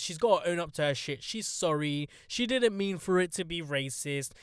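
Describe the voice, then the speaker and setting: A man's voice: on the high side, expressive, normal speed, hardly any pauses, smooth, no echo, clean studio sound. A young man hosting a casual podcast, blunt, sarcastic and swearing freely. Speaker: podcast host.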